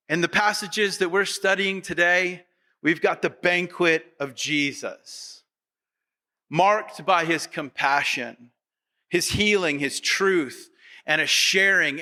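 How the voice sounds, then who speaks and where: Man, pastor, sermon, slow measured delivery, bright tone, rhetorical questions. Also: fairly high pitch. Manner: acts out quoted voices of the congregation; repetitive, rhetorical questions to the audience.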